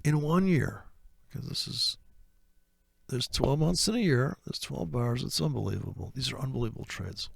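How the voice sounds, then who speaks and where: A man's voice: medium pitch, normal speed, gravelly, breathy edge, dry recording, studio quality. A man walking through trading charts in a sarcastic, profane teaching style. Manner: sarcastic, swears freely, mock-dialogue. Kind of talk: profane, sardonic chart walkthrough.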